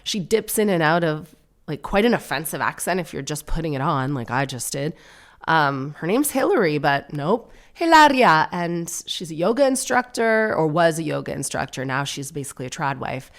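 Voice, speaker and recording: A woman's voice: deep voice, animated, moderate pace. A woman in her thirties hosting a podcast, chatting casually and sardonically, with mocking put-on voices. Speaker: podcast host. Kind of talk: casual solo comedy chat.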